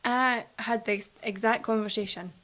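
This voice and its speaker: Podcast co-host lady, bright sharp voice, playful little quips. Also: a little high, fairly even intonation. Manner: playful banter, short quick replies. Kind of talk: casual chat.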